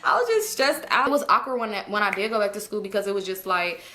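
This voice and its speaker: Bright-voiced woman telling a storytime. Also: mid-range voice, fast talker. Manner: animated, laughing, swears freely. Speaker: storytime vlogger. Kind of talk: casual storytime.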